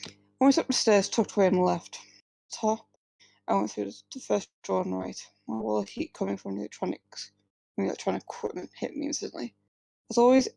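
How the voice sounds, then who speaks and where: At a live reading, a woman reads her first-person fiction in a warm, creaky, mid-range voice, making small slips and restarting now and then. She gives the characters few distinct voices. The recording is rough, with no room sound.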